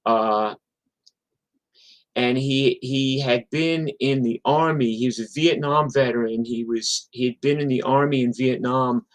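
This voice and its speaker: On a livestream, a touring musician tells road stories in a casual, profane, rambling way. His voice is medium in pitch and a little slow, and the recording is rough.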